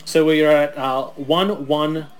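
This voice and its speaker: A man's voice: a little high, fairly even intonation, measured pace, slight background noise. A man co-hosting a wrestling watch-along, chatting and laughing as he recalls old matches. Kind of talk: casual watch-along commentary.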